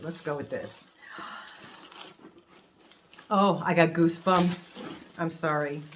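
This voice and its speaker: A middle-aged woman hosting a casual unboxing vlog, gushing and emotional, quick to laugh as she opens gifts. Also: deep voice. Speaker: crafting channel host.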